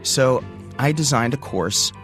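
A man telling a spoken personal story about his career, animated and acting out the voices of people he quotes. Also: medium pitch, slow, over music.

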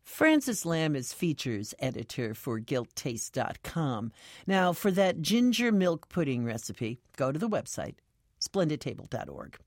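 Lively woman hosting a food radio show. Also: low-pitched, measured pace, dry recording, clean studio sound.

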